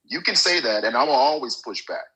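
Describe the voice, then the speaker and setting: A man calling into a live stream, arguing back in a halting way with many fillers. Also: mid-range voice, animated, bright, forceful tone, low-quality recording. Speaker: caller. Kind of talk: casual debate on a call.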